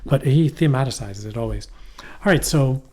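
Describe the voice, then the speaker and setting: A man's voice: medium pitch, moderate pace, mellow. Rambling, swearing man on a podcast. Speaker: podcast co-host. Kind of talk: casual chat.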